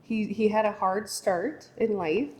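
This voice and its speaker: Woman, eager interjector, warm low-key tone, long reverb. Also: a little slow. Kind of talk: conversational storytelling.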